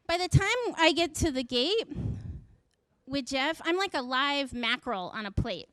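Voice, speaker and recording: A woman's voice: sits high, lively intonation, normal speed, fairly bright tone, dry recording. A middle-aged woman telling a comic personal story in a wry, self-mocking way, acting out the voices she quotes.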